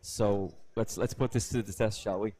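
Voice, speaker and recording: Chatty poker commentator. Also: male voice, lowish voice, fairly even intonation, mellow. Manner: chatty storyteller, quick asides. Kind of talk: live poker commentary and chat.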